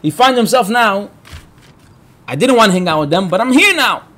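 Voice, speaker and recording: A rabbi giving a spirited Torah class, his voice pitched high for a man and swinging widely up and down. He tells stories with gusto, acts out the people in them and turns to the room with quick questions. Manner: animated storyteller, acts out quotes; talks to the room, asks the listeners. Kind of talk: Torah class talk to a live group.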